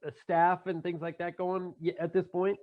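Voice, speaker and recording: Man, high voice, halting questions, co-host, dull lo-fi remote sound. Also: little pitch movement. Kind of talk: political talk show.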